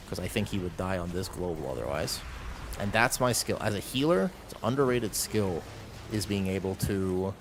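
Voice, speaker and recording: Relaxed low-voiced male streamer. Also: noisy background. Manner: relaxed, chatty, thinks aloud while playing. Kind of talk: live gameplay commentary and casual chat.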